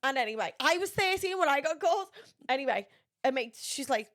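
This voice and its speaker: A young woman hosting a casual chat show and teasing her mother in quick back-and-forth. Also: high-pitched, expressive, fairly bright tone. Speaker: podcast host.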